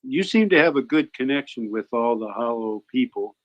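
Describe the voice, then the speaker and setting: A man's voice: medium pitch, expressive, moderate pace, muffled recording. A man who is a guest teacher, chatting casually in long run-on suggestions that he restarts as he goes. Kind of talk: casual chat.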